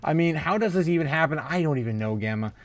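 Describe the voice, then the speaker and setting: A man's voice: a little high, expressive, fast, dry recording. A man hosting a casual crypto livestream, reading chat comments aloud in a jokey, upbeat way, laughing often and filling gaps with "uh".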